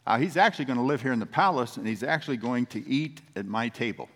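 A man's voice: mid-range voice, animated, fast talker, a bit bright, big-room sound. A man, a pastor, preaching a sermon in a conversational, storytelling manner.

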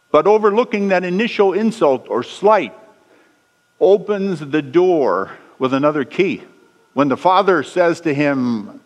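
A man preaching a sermon, telling stories and acting out the lines of the people in them, his pitch swinging high and low. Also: animated, unhurried. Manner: storytelling with acted dialogue, pitch swinging up and down. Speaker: pastor. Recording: long echo of a large hall.

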